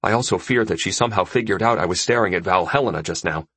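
A man narrating a first-person story in an expressive audiobook reading. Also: deep voice, fast talker, husky, dry recording.

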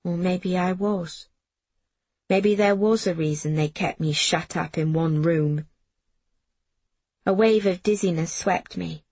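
A woman reading a first-person story aloud in a measured storybook narration. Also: fairly low pitch, a little mellow, breathy edge, no room sound. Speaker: audiobook narrator.

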